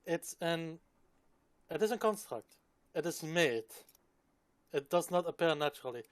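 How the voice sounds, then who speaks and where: A man narrating as dungeon master, describing the scene in a relaxed, casual way. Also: fairly high pitch, no room sound. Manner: descriptive, laid-back, casual swearing. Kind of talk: narrating a tabletop game.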